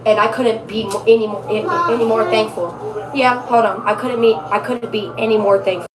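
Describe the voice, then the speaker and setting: A woman's voice: fairly high pitch, moderate pace, roomy sound, far from the mic, noisy background. Emphatic, blunt woman tarot reader. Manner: emphatic, repetitive, blunt and profane. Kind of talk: live tarot reading, casual talk.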